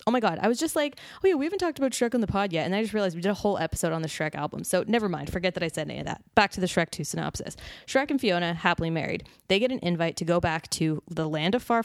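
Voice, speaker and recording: A woman's voice: fairly low pitch, no room sound, clean studio sound. A woman hosting a podcast in casual, enthusiastic chat, full of fillers. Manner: chatty, enthusiastic, many fillers like "like" and "um". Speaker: podcast host.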